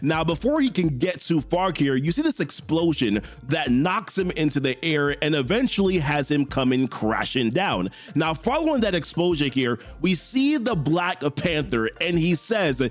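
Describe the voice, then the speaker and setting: A man narrating a comic book story recap in an animated way, chuckling now and then. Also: a little high, normal speed, few pauses, faint music behind.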